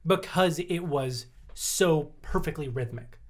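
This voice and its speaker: A man's voice: fairly high pitch, takes it slowly. A man co-hosting a casual podcast, explaining at length, laughing often and swearing casually. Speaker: podcast co-host. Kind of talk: casual chat.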